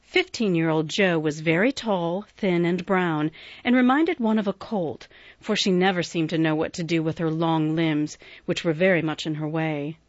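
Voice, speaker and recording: A woman reading a classic novel aloud as audiobook narrator, measured and expressive. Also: low voice, no echo, muffled recording.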